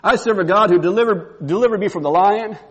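A man's voice: sits high, quick pace, slightly rough, long reverb tail. A man voicing a bold, eager young shepherd who stammers with enthusiasm in a sermon retelling.

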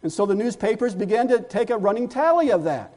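High-voiced preacher, mellow tone. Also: male voice, lively intonation, fast talker. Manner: builds in volume and pitch as stories peak; repeats words while searching for the next phrase. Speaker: pastor. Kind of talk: sermon.

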